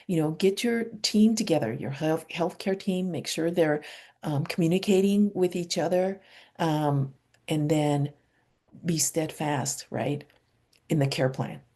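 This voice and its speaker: A woman leading a guided energy healing session over a video call, speaking slow affirmations softly and asking questions aloud as she works through a chart. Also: fairly low pitch, creaky. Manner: calm, slow affirmations with soft whispered repeats; asks herself questions aloud while dowsing a chart.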